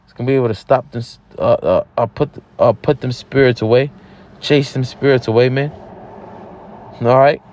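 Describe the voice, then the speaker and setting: A camp teacher teaches from scripture in a loose street style, repeating words and ending lines with "man." His voice is medium-pitched with a darkish tone, and he talks at a normal speed. His manner is casual, with frequent repetition and plenty of "man."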